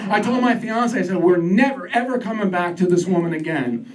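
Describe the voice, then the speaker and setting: High-voiced man doing stand-up, distant. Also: lively intonation, fairly quick. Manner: sardonic, self-deprecating, gets worked up in rants. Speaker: stand-up comedian. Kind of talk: stand-up set. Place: comedy club stage. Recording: distant mic with a laughing crowd.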